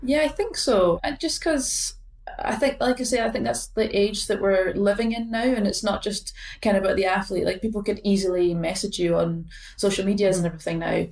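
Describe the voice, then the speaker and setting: A woman's voice: medium pitch, fairly even intonation, brisk, a little mellow, echoey room, distant mic. A Scottish woman in her late twenties, a badminton player chatting in an interview, hesitant with many fillers and restarts. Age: late 20s. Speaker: professional badminton player, guest. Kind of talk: casual interview chat.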